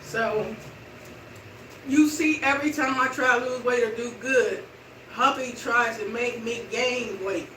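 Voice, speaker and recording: A middle-aged woman vlogging in casual chat to her viewers while slowly walking and exercising indoors. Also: a little high, pushed and bright. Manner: chatty, slow walking while talking. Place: indoor room with hardwood floor. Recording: roomy, distant and noisy room sound.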